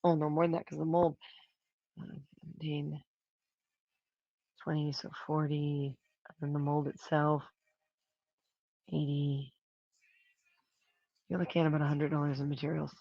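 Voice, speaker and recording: A prop maker chats casually on a livestream while working, thinking aloud and counting up costs. The voice sits at a middling pitch. The sound is dry and close, with dull, lo-fi livestream audio. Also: flat delivery, normal speed, vocal fry, pauses often, no room sound.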